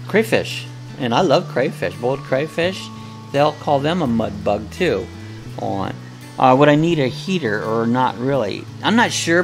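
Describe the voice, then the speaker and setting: A man's voice: mid-range voice, vocal fry. A man hosting a casual live coffee chat, talking in a rambling, folksy way with lots of fillers and restarts.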